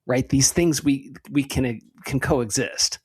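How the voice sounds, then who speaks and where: A male podcast host talks easily with his guest, affirming his points and sharing stories along the way. His voice sits at a normal male pitch. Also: takes it slowly, darkish tone, slightly rough. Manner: conversational, affirming, storytelling asides. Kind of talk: podcast interview conversation.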